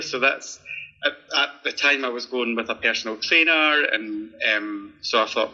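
A man's voice: mid-range voice, fairly even intonation, measured pace, sharp tone, lo-fi sound. A Scottish man in his thirties, a podcast guest chatting casually, friendly and laughing often, with many ums. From Scotland. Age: 30s. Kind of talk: casual interview chat.

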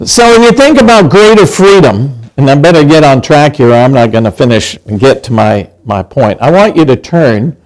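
A man's voice: medium pitch, lively intonation, moderate pace, hardly any pauses, darkish tone. A man in his sixties preaching a sermon as pastor, conversational and humorous, acting out quoted lines.

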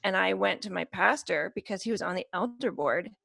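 A young adult woman, a podcast guest, chatting earnestly with many halting restarts and fillers. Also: medium pitch, expressive, creaky, a bit bright, no room sound, studio quality. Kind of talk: casual chat.

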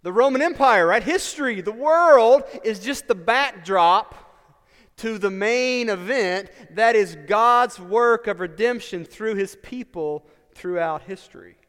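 High-voiced pastor preaching. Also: male voice, a little slow, a bit bright, clean tone, big-room sound. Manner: conversational preaching with asides and rhetorical questions. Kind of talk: sermon.

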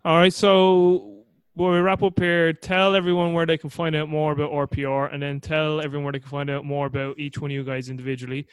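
Fast-talking man hosting. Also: a little high, flat delivery, smooth, no room sound. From Ireland. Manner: quick, joking, teasing. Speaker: podcast host. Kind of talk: casual interview chat.

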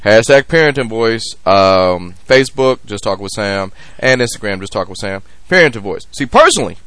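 A man's voice: on the low side, lively intonation, moderate pace, fairly bright tone, smooth, no room sound. A man hosting a podcast in casual chat, joking and rambling with frequent restarts. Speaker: podcast host.

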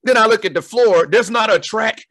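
A man's voice: high voice, normal speed, dry recording, studio quality. A man, telling a funny childhood story in casual chat, laughing and acting out voices. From Southern United States. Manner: animated, laughing storyteller who acts out voices.

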